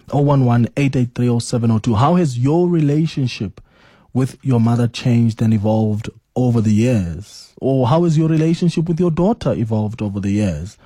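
A man hosting a radio call-in show, relaxed and full of fillers as he invites listeners to call in. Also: medium pitch, no room sound. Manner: easygoing, filler-heavy, inviting callers. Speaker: radio talk show host.

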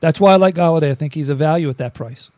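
A man's voice: fairly high pitch, rapid-fire, darkish tone, dry recording. A man co-hosting a casual sports podcast, chatty and joking, often restarting his sentences. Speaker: podcast co-host.

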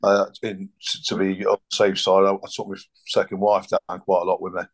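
A middle-aged man, a guest, talking in a halting, plain-spoken way. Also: low voice, level tone. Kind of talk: casual chat.

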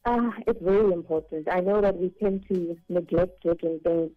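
A woman dentist guest on a radio show, explaining calmly and laughing easily. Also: fairly low pitch, normal speed. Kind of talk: radio interview. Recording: muffled line with faint music.

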